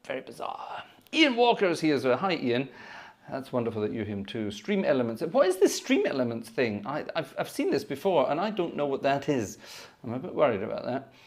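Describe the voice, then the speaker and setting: A cheerful man hosting a live organ-music stream. He talks to viewers in a chatty, effusive way and keeps thanking them by name. His pitch swings up and down in a lively, sing-song way. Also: a little fast. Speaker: livestream organist and host. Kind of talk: live-stream chat between organ tunes.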